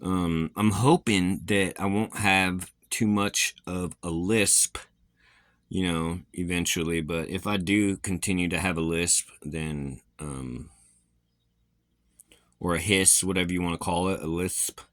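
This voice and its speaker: A man's voice: low-pitched, steady tone, a little slow, a bit bright, dry recording. A man vlogging casually, rambling with many fillers and restarts, his speech a little slurred from a facial injury so that he sounds like he has false teeth.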